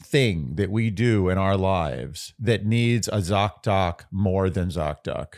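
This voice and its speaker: Congested man with lively low voice. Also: takes it slowly. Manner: joking, playful. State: congested from allergies. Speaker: podcast co-host. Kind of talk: casual chat and ad reads. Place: podcast studio.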